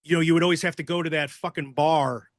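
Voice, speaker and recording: A man's voice: on the high side, steady tone, quick pace, dry recording, studio quality. A man, a former wrestler and podcast guest, telling rambling, profane stories in casual chat. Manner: profane, rambling, acts out quoted voices. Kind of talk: casual storytelling.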